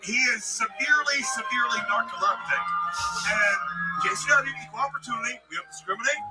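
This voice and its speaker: Male wrestling commentator, high voice, jokey, loud music behind. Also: fast talker, poor audio. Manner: playful, jokey. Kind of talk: play-by-play commentary.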